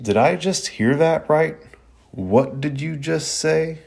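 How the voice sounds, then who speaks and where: A man's voice: on the low side, sing-song, slow pace, dark tone. A man voicing a cowardly, chubby teenage ninja boy from a cartoon, who talks frantically and roars when angry. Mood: stunned. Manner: frantic, then roaring furiously.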